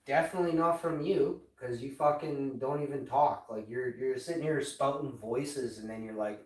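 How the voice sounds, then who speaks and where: A man's voice: mid-range voice, normal speed, few pauses, roomy sound, distant mic, poor audio. A man in his forties streaming live and chatting with an AI assistant in a profane, rambling, mocking way. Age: 40s. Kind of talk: casual chat with an AI assistant.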